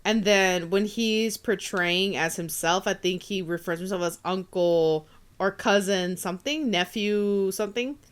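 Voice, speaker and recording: A woman's voice: mid-range voice, a little slow. Casting: young adult woman, podcast co-host, loose profane chat, lots of giggling. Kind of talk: casual chat.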